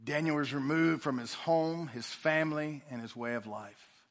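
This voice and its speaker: A man preaching a sermon in a church, reading scripture aloud and swinging between loud emphasis and quiet, drawn-out lines. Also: a little high. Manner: preaching with rising and falling intensity. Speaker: pastor.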